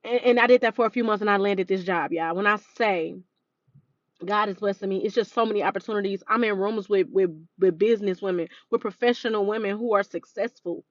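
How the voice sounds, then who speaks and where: On a dry, lo-fi recording, a woman in her early thirties who hosts a podcast speaks a little fast in a mid-range voice. She's nearly in tears, addressing her viewers directly with an emotional personal testimony.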